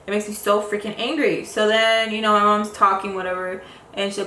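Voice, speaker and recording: Speaking a little fast with fairly even intonation, this young female vlogger has a bright, forceful, medium-pitched voice. She rambles through a long personal story, frustrated and full of fillers. It was recorded in an echoey room with faint background noise.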